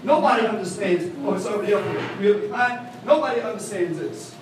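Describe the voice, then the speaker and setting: A man preaching an animated call-and-response sermon, recorded from a distance in a church. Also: fairly quick, a little hiss or hum. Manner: animated call-and-response preaching, voice swooping high for quoted women. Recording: echoey hall, mic from afar.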